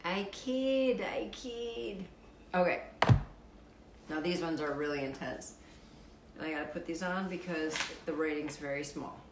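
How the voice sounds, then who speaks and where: Low raspy-voiced woman, wry and playful. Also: steady tone, moderate pace, pauses often, roomy sound, very noisy. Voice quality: deep, raspy voice. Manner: playful, wry, swears freely and laughs at herself. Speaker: live-stream host reading viewer comments. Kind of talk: casual chat reading out fun facts.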